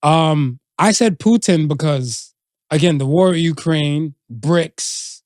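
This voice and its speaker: Chatty podcast co-host with a dry, close sound. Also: male voice, fairly high pitch, takes it slowly, a little mellow, no room sound. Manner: conversational, drops into playful acted quotes. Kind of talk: casual chat.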